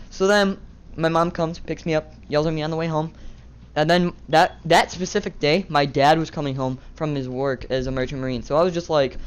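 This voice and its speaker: A man's voice: a little high, steady tone, a little fast, clean tone. A teenage boy vlogger tells a casual, rambling story, swearing and laughing at himself.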